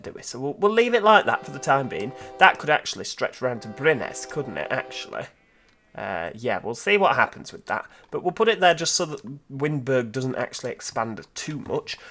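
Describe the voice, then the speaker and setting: A man's voice: medium pitch, fairly bright tone. A man giving casual let's-play commentary, thinking aloud and asking rhetorical tag questions. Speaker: gameplay commentator.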